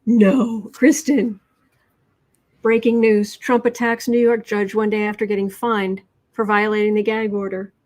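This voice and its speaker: A woman hosting a casual tarot livestream, chatting in quick asides and reading out viewer comments. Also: medium pitch, flat delivery, darkish tone. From Midwestern United States.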